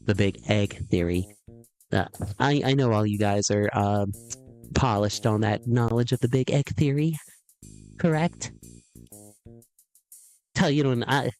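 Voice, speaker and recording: A man streaming a video game, rambling and joking in casual live chat, chuckling and clearing his throat often. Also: medium pitch, darkish tone.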